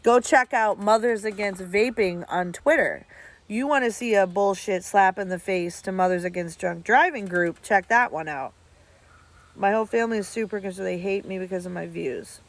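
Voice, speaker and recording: A woman's voice: mid-range voice, moderate pace. A woman, chatting casually and bluntly to her viewers as a streamer, swearing freely. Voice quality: blunt and profane, talks straight at viewers. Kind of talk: casual chat.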